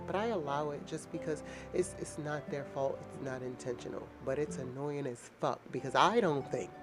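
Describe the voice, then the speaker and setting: A woman with a naturally deep voice talks casually to the camera, frank and rambling, often laughing. She is sick and slightly nasal. Clear music plays behind her. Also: normal speed. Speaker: vlogger.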